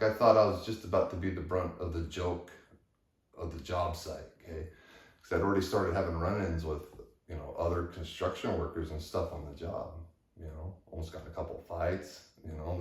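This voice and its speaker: A man telling a personal story to the camera in a candid, halting way with frequent restarts. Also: sits low. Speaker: vlogger. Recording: echoey room, far from mic.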